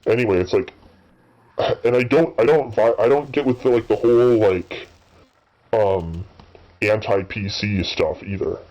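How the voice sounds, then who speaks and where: A man's voice: lowish voice, a little slow, pauses often, a little mellow, muffled recording. A man in his thirties rambling through casual, profane commentary while playing a game, full of fillers and restarts. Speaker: gaming channel host.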